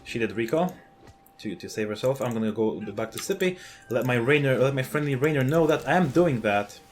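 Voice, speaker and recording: A man giving live commentary over his own gameplay, explaining his moves, getting excited and swearing at enemies, with frequent fillers and restarts. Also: medium pitch, a little fast, slight background noise.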